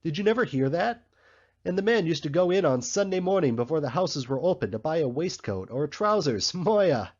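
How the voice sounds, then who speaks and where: A man voicing a bustling, grumbling male election canvasser in a storybook reading, with a husky, slightly muffled sound. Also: fairly high pitch, very animated, darkish tone, voice pushed up. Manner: brisk, grumbling, complaining.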